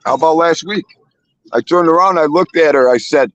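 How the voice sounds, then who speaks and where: A man's voice: mid-range voice, moderate pace, a bit bright, no echo. A man in a casual chat, talking bluntly in an old-school way. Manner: blunt old-school talker, swears freely.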